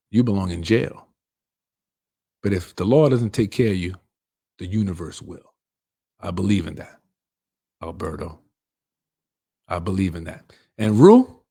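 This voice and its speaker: A man's voice: low voice, gravelly, mellow, breathy edge. Blunt streetwise man venting. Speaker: political show host. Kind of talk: heated monologue.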